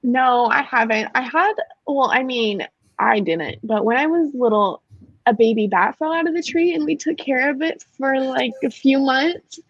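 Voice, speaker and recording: A woman with a fairly high voice chatting casually and rambling, full of filler words. The sound is dry and a little dull and lo-fi, with no room echo. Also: moderate pace. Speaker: podcast co-host. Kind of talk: casual chat.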